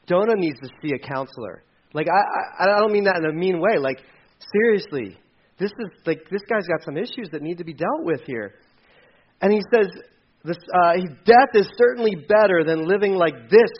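A man preaching a sermon in a conversational, animated way, acting out quoted voices. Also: sits high, dull audio. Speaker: pastor.

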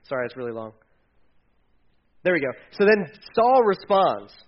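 A man's voice: on the high side, very animated, moderate pace, muffled recording. A man preaching a sermon in a church, retelling a story in a casual way and putting on voices for the characters. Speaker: pastor.

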